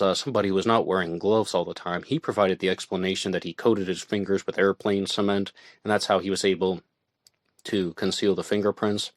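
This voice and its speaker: A man's voice: deep voice, no room sound, clean studio sound. A man hosting an online radio show, talking through true-crime commentary in a conversational way, with fillers and restarts. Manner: conversational, with fillers and self-corrections. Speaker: host.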